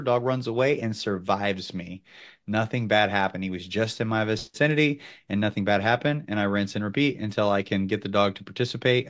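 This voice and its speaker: Male dog trainer, thirties, low voice, animated instructional talk. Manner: animated, bursts into loud quoted outbursts.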